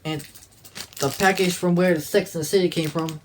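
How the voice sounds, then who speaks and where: A man's voice: on the high side, fairly even intonation, moderate pace, a little hiss or hum. Rambling, profane young-sounding man. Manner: profane, rambling, restarts often. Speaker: DVD collector vlogger. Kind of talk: casual rambling vlog.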